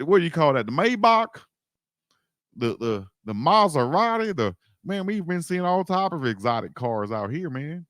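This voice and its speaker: A man voicing a gleeful male parking officer who loves ticketing fancy cars, with drawn-out, excited exclamations. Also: on the high side, no room sound, clean studio sound, pitched above the performer's own voice.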